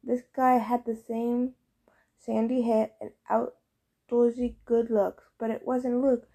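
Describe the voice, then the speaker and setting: Mellow-voiced woman reading an audiobook. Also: on the high side, slow, gravelly, breathy edge. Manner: steady storytelling read. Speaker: audiobook reader. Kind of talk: audiobook narration.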